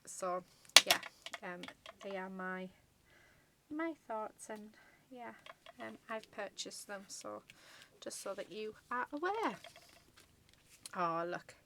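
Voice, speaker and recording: A woman's voice: mid-range voice, expressive, slow pace, long pauses, heavy background noise. A woman chatting casually through a card-making tutorial, gushing over her work with many ums and murmured asides. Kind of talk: casual crafting tutorial chat.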